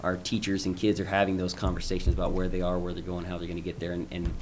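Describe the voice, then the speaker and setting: A man with a very low voice gives a school update at a board meeting. He talks informally, stopping and restarting with plenty of ums. A faint hiss sits under his voice. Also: completely flat delivery, fast talker. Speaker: school principal presenting to a school board. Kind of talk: presentation at a public meeting.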